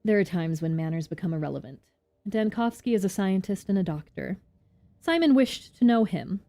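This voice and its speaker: A woman voicing a stern, cold male leader in a lowered voice, reading game dialogue. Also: lively intonation, normal speed, dark tone, lightly acted.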